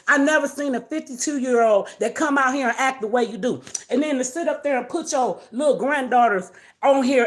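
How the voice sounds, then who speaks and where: High-voiced woman scolding on a live stream. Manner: confrontational, scolding, blunt. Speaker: livestream host. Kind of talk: livestream rant. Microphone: phone or webcam on a live stream.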